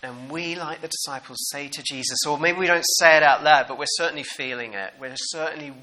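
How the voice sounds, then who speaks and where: A New man preaching a sermon in an animated, conversational way and putting questions to the congregation. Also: fairly high pitch, brisk, rough recording.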